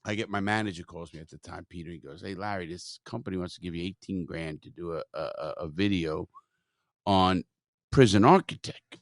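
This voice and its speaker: A man hosting a podcast, telling stories in a profane, animated way and quoting others as he goes. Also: low voice, brisk, no echo, clean studio sound. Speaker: podcast host. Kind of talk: casual storytelling chat.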